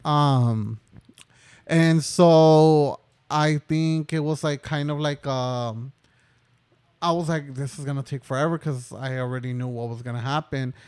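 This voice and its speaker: Smooth-voiced young man telling a story. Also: a little high, takes it slowly, a little mellow, no echo. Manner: rambling, many "like" fillers. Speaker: podcast co-host. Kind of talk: casual storytelling chat.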